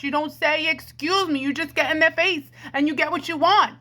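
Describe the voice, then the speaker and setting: A woman from Brooklyn, doing a theatrical, rambling comedy monologue into a handheld karaoke microphone with an echo, calling her viewers "my friends" and "ladies and gentlemen.". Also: high-pitched, moderate pace, hardly any pauses. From Brooklyn, New York. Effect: karaoke mic echo. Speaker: comedy vlogger.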